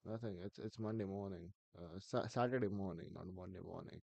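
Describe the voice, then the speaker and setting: A man chatting on a live stream, thinking aloud and halting with restarts. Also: low voice, vocal fry, warm tone, no echo, highs cut off. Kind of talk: casual live-stream talk.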